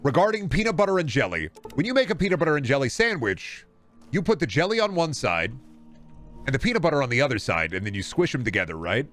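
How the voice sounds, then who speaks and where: A man's voice: mid-range voice, fast talker, faint music behind. Profane joking man streamer. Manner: profane, animated riffing with comic put-on voices. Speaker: gaming streamer. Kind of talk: casual rant to stream chat.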